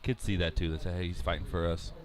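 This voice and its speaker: Deep-voiced football color commentator. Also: male voice, quick pace, crowd noise. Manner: relaxed, conversational analysis. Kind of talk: high school football commentary.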